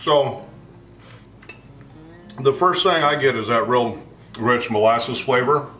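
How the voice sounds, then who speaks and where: A man tastes a homemade dessert and describes its flavors in a slow, thoughtful casual chat. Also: medium pitch, sharp tone, a little hiss or hum. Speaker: husband tasting food. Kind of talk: casual food-tasting chat. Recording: roomy, mic at a distance, faint music.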